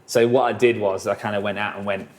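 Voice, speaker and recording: Lowish-voiced man telling stories. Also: steady tone, fast talker. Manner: rambling, many fillers and swearing. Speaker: musician guest. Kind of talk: casual storytelling interview.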